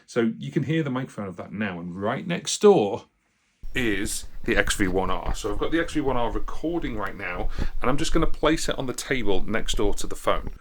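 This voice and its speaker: A man's voice: fairly low pitch, animated, moderate pace. A British man giving a casual, rambling step-by-step demonstration of recording gear at a table indoors, picked up by a phone and a small stereo recorder. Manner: chatty, rambling, explains step by step. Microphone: phone mic and small stereo recorder.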